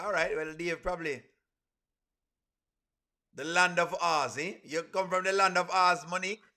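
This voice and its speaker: Casting: chatty male live-stream host, high, bright voice, reading viewer comments aloud. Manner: reads viewer comments aloud, shouting out cities; chatty, addresses viewers as friends. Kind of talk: casual live stream chat.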